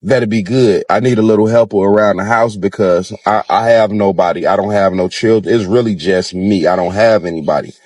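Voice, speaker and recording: A man playing a hurt 72-year-old woman in a told story, speaking slowly, calmly and in warning. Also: fairly low pitch, close to an everyday voice. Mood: lonely. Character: hurt elderly woman, 72, calm and stern. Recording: roomy echo.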